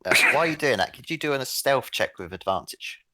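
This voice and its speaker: Bright-voiced male game master. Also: medium pitch, animated, a little fast, no echo. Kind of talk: narrating a tabletop game.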